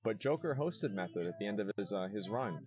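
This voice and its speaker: A man's voice: lowish voice, expressive, brisk, a little mellow. A man streaming, arguing his side in a heated casual debate and pressing his points with repeated words.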